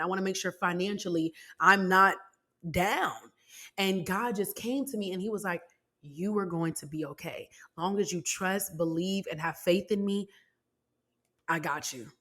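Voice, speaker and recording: A woman hosting a podcast, telling a personal story in an emotional, animated, faith-filled way and speaking straight to her listeners. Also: mid-range voice. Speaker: podcast host.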